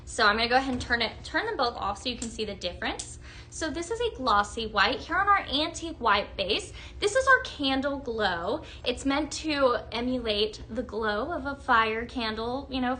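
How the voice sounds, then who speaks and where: Woman, young, high-pitched, bright, gushing live sales host, chatty. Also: slight background noise. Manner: upbeat, gushing, chatty with viewers. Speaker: home fragrance product presenter.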